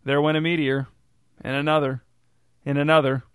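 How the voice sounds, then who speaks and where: Man, story narrator, even measured delivery, very flat intonation, smooth resonant tone, dry close sound. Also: fairly high pitch, no echo.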